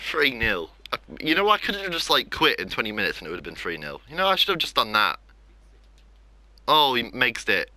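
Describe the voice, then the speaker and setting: A young man rants through his football game, his voice bright and sharp, leaping up and down in pitch as he mocks his own play. The sound is close and dry, with no room around it. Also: huge pitch swings, fairly quick, dry recording. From England. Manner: frustrated, self-mocking ranting. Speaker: gaming YouTuber. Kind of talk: live gameplay commentary.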